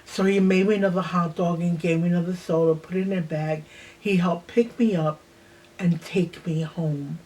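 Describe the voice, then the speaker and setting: A woman in her sixties slowly telling a personal childhood memory in a reflective way, sometimes dropping to a near-whisper. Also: fairly low pitch, fairly even intonation, mellow. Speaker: host. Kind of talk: personal storytelling.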